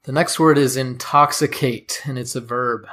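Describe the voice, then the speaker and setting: A man's voice: medium pitch, fairly even intonation, moderate pace, a bit bright. A man co-hosting a vocabulary podcast, reading dictionary definitions and explaining word roots with some hesitant fillers. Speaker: podcast co-host.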